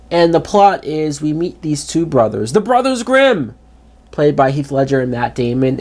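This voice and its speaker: A man hosting his own channel, giving a casual, exasperated spoken movie review with emphatic jumps in pitch and chatty fillers. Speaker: film reviewer, channel host.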